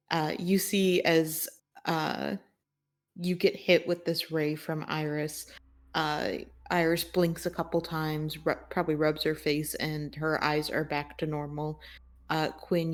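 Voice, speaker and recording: A woman runs a tabletop game as game master. She narrates at an unhurried, drawn-out pace. Her voice sits a little low.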